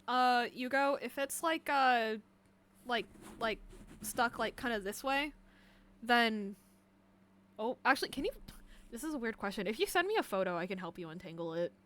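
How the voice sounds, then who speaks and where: A woman's voice: on the high side, animated, moderate pace, long pauses, a bit bright. A woman streamer in casual chat, rambling and giggling with lots of fillers.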